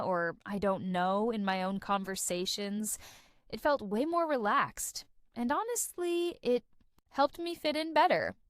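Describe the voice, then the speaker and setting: A woman's voice: a little high, no room sound, clean studio sound. A woman narrating a scripted English lesson in a conversational way, contrasting casual and formal phrasings. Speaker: English teacher.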